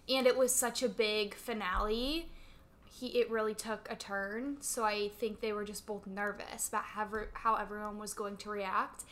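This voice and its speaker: Bright-voiced young woman chatting. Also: fairly high pitch. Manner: chatty, quotes people in animated voices. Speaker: co-host. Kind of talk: casual chat.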